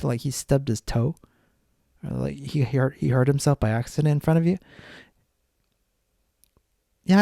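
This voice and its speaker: A man's voice: a little high, dry recording, studio quality. A man hosting a solo podcast, talking bluntly and rambling, with lots of swearing. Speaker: podcast host. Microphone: studio podcast mic.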